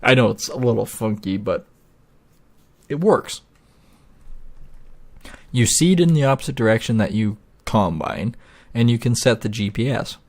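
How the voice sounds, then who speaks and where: A man's voice: medium pitch, measured pace, pauses often. Swearing, rambling gamer guy. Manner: rambling, profane and ranting. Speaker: gaming video host. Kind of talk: casual gameplay commentary.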